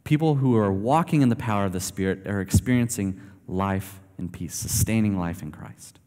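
A man's voice: fairly low pitch, moderate pace, warm tone. A man preaching a sermon in a loose, conversational way, full of fillers and asides. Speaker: pastor. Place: church sanctuary. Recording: long hall reverb.

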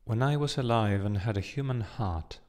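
A man reading an audiobook, voicing the gentle, sad statue of a dead prince in a low, musical voice. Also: normal speed, close to an everyday voice. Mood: sorrowful.

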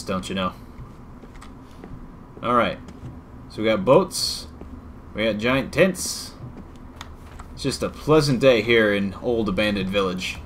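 A man's voice: fairly low pitch, fairly bright tone, a little hiss or hum. A man giving casual gameplay commentary with joking, sarcastic asides. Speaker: video game let's-player.

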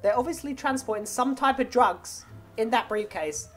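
A young man in a game role-play, playing a tow truck driver with excitable, teasing commentary and frequent laughter. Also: very high-pitched, moderate pace, faint music behind.

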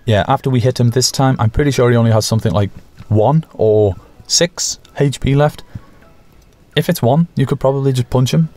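A man hosting a gaming channel, giving casual, jokey, self-mocking commentary over his play with sudden excited bursts. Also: mid-range voice, normal speed, no room sound.

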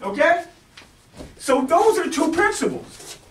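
High-voiced man teaching takedowns. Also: very animated, unhurried, fairly bright tone, a little hiss or hum. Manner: repetitive, checks in with "okay?" and "right?"; demonstrating moves on a partner. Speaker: self-defense instructor. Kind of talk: teaching demonstration. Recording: echoey room, mic far off.

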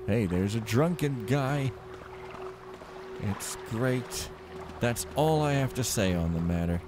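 A man's voice: medium pitch, lively intonation, slow pace. A man giving rambling, wry commentary as he plays a game, with mumbled asides to himself. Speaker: game streamer. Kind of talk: casual let's-play commentary. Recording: game music heard clearly behind. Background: game music.

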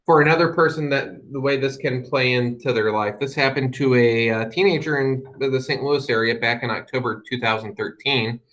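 A man's voice: mid-range voice, brisk, hardly any pauses, fairly bright tone, poor audio. Man, guest speaker, mid-range voice, wry storytelling, dry humor, logical explaining tone. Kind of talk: storytelling presentation to an audience.

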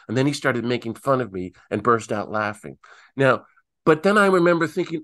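A middle-aged man, a priest and peace activist, telling stories animatedly and acting out quotes with big swings in pitch, on a video call. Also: animated, brisk, fairly bright tone, no room sound, clean studio sound. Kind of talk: animated talk answering questions.

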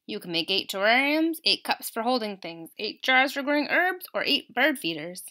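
A clever storybook machine patiently lists its answers one after another, as a woman reads it aloud. Its voice sits on the high side and carries clearly to young listeners. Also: moderate pace. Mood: helpful. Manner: calm listing of answers. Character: helpful talking homemade machine, patient and clever.

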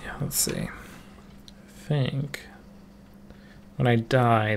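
A man streaming a game live, chatting casually in a relaxed, self-deprecating way and mumbling to himself. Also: medium pitch, very slow, gravelly, slight background noise.

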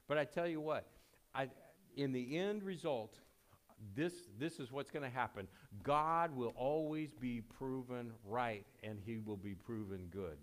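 A man preaching a sermon in a conversational way, with many fillers and self-corrections. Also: measured pace. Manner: rises loud and high when reading scripture aloud. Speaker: pastor.

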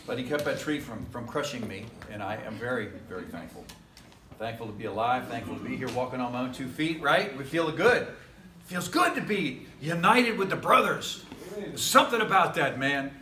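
A man's voice: medium pitch, lively intonation, moderate pace, sharp tone, slight background noise. A man preaching a casual, rambling sermon as pastor, full of jokes and chuckling asides, recorded in a church sanctuary. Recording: echoey church room.

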